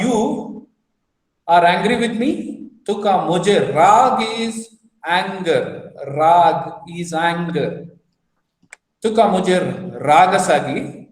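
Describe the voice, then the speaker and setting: A man's voice: sits high, echoey room, rough recording. A man teaching a beginners' language class over a video call, patiently repeating phrases and explaining them with examples.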